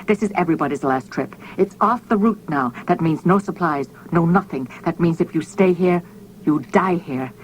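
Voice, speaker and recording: A woman voicing a weary male spaceship captain who speaks quietly and heavily, reading an audiobook. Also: lowish voice, normal speed, slight background noise, close to an everyday voice, low-quality recording. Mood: grave. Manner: quiet, heavy, gentle.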